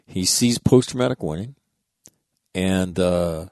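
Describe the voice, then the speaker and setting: A man's voice: sits low, takes it slowly, darkish tone, dry recording, clean studio sound. A man telling an earnest story in a casual monologue, reading out text messages and swearing freely.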